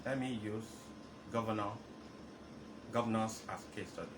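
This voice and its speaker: A man, a pastor, speaking as a guest on a radio talk show in a slow, measured, emphatic way. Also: lowish voice, roomy sound, recorded from a distance, noisy background. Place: radio studio.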